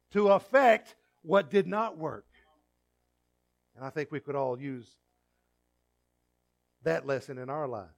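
Male pastor, higher-pitched, sermon delivery with hushed asides and loud emphatic peaks. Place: church.

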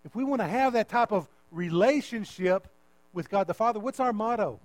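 A man preaching a sermon, repeating phrases and swinging from loud emphasis to quiet asides. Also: animated, moderate pace, dry recording, low-quality recording. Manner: preaching with big swings in pitch and loudness, repeating words for emphasis. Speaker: pastor.

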